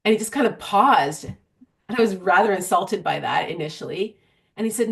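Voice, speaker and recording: A middle-aged woman, a guest coach, talking in an animated, storytelling way during an interview. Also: mid-range voice, fairly quick, gravelly. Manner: animated, storytelling, frequent restarts. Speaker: guest, vision board coach. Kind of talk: conversational interview.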